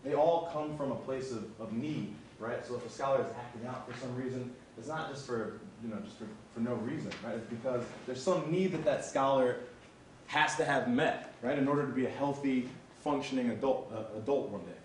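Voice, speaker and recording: A man's voice: mid-range voice, brisk, slight background noise. Man running a workshop, conversational, lots of "right?", echoey room, heard from a distance. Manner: conversational, many "right?" tags and restarts. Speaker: workshop facilitator. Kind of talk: live training workshop. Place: large room with audience. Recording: roomy, from off-mic.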